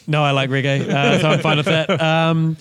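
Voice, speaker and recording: A man with a New Zealand accent hosting a podcast, relaxed and chatty, swearing casually. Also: on the high side, moderate pace, clean tone, no room sound. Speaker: podcast host. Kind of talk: casual chat.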